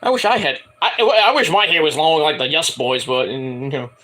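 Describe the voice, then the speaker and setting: A man's voice: a little high, big pitch swings, fairly quick, pushed and bright. A man in his forties reviewing a wrestling show in a casual solo vlog, rambling and joking with many digressions. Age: 40s.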